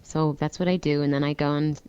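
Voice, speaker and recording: Low-voiced woman, relaxed and laughing. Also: a little fast, clean tone, no room sound. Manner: relaxed, laughs often, answers plainly. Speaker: interviewee, recording artist. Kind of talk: casual interview chat. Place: hotel room. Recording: dull lo-fi dry radio tape.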